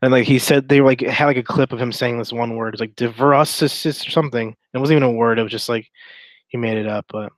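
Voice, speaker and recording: A man's voice: mid-range voice, steady tone, fast talker, dry recording. Rambling sarcastic man, dry sound. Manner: rambling, filler-heavy, sarcastic. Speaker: streamer reading and mocking chat logs. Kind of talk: casual commentary.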